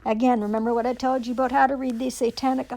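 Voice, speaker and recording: A woman's voice: fairly high pitch, little pitch movement, quick pace, a little mellow. A woman, ranting angrily and profanely into her own recording, sarcastic and accusing. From Canada. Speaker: self-recording vlogger. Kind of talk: angry rant to camera.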